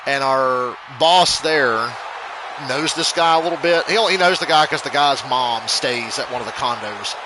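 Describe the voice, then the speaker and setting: A young man commenting over a wrestling video game, telling a rambling, profane story that breaks into shouts. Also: mid-range voice, moderate pace, noisy background. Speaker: gaming channel host.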